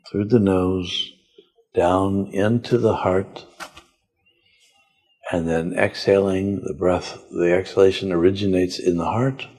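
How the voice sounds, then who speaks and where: Man, very low voice, husky tone, calm slow meditation guide, gentle instructions. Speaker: spiritual teacher, podcast guest.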